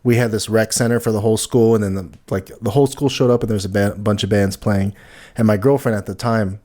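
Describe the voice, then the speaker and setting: A man's voice: lowish voice, steady tone, fast talker, mellow. A man co-hosting a casual podcast, easygoing and laughing often while he tells stories. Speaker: co-host, musician.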